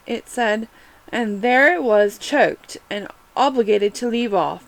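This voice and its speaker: A woman reading a classic storybook aloud, expressive, with small restarts now and then. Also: a little high, takes it slowly, gravelly, low-quality recording. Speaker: reader.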